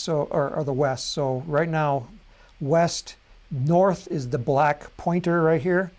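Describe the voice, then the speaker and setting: A man hosting a live software tutorial, talking casually and thinking aloud at his computer, with frequent ums and self-corrections. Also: fairly high pitch. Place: at a computer desk.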